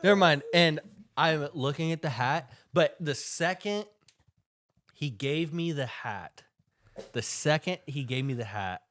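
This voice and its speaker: A man's voice: a little high, takes it slowly, dry recording, studio quality. Man telling a story. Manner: animated storyteller, acts out quoted people. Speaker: podcast co-host. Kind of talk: casual storytelling chat.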